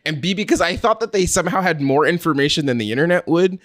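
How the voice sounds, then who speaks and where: A man's voice: fairly high pitch, fast, fairly bright tone. A man hosting a podcast, rambling through self-deprecating stories in casual chat. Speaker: podcast host.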